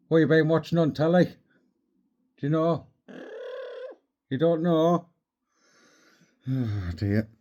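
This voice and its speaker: A man potters about, talking unhurriedly to his dog and parrot in soft, doting baby talk. His pitch sits in an ordinary middle range, and he sprinkles in kissing sounds. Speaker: pet owner filming his dog and parrot. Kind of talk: casual chat with pets.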